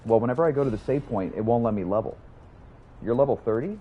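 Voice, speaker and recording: A man's voice: mid-range voice, lively intonation, quick pace, phone-quality sound, slight background noise. A young man chatting casually while livestreaming a game, rambling, swearing and answering his chat. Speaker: streamer.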